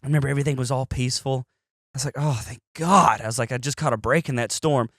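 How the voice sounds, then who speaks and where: A man's voice: mid-range voice, quick pace, dry recording, studio quality. A young man hosting a podcast, telling a story in casual, profane chat and acting out the quotes in other voices. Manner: animated, profane, acts out quotes in shifting voices. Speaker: podcast host.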